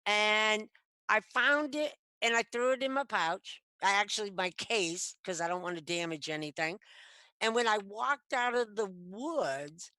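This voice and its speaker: A woman's voice: mid-range voice, unhurried, no echo. Chatty woman telling a dig story. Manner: animated, chatty, acts out quoted lines. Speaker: guest metal detectorist. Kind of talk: casual storytelling. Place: home, video call. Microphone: computer mic on video call.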